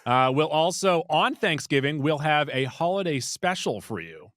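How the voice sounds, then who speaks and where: In clean, studio-quality audio with no room sound, a man co-hosts a movie podcast, joking around and reeling off lists in casual chat. His slightly high voice swings widely in pitch, fairly bright, at a normal speed.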